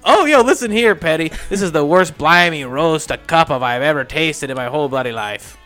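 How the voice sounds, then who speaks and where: A man's voice: mid-range voice, a little fast, soft background music, natural voice. A man voicing a brash customer who rants about his coffee in a put-on British accent. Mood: blustering. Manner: loud blustering rant.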